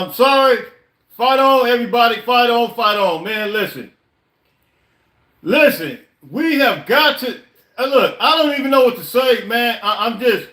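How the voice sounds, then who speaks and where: A man's voice: very high-pitched, bright, forceful tone, roomy sound. A man hosting a live podcast stream, venting his frustration in a casual, repetitive way with many stammered restarts. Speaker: podcast host.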